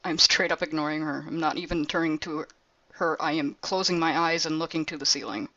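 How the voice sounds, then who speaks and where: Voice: medium pitch, fairly even intonation, a little fast, bright, forceful tone, highs cut off. A player in a tabletop game talking casually and bluntly. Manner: blunt, plain-spoken.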